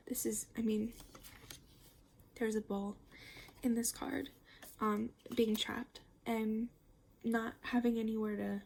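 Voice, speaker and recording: A young woman giving a casual tarot reading, chatty and rambling, full of fillers and the odd curse word, sometimes slipping into a soft near-whisper. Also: fairly high pitch, level tone, slow, vocal fry, pauses often, a little hiss or hum. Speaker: tarot reader.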